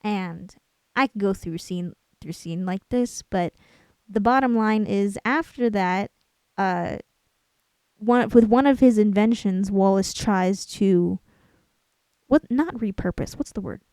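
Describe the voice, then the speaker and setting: A woman's voice: medium pitch, takes it slowly, darkish tone, clean tone, dry recording. A young woman hosting her own channel, talking casually about a film, rambling and stopping to hunt for words. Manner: rambling, self-deprecating, searching for words aloud. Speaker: channel host.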